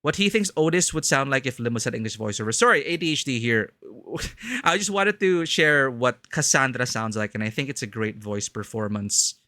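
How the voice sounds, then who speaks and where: A man's voice: medium pitch, expressive, moderate pace, few pauses, sharp tone, no echo. A man chatting casually on a live game stream, rambling and cutting himself off mid-thought. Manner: rambling, self-interrupting.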